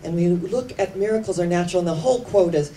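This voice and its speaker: A woman giving an inspirational sermon, telling stories with slow, emphatic phrasing that sometimes sinks to hushed tones. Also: lowish voice. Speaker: spiritual speaker. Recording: distant mic with faint background noise.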